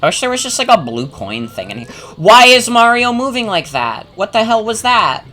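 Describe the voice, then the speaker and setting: A woman's voice: on the high side, big pitch swings, normal speed, pushed and bright, soft background music. A woman streaming a game, chatting and joking casually with her chat and swearing freely. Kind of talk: casual gameplay commentary.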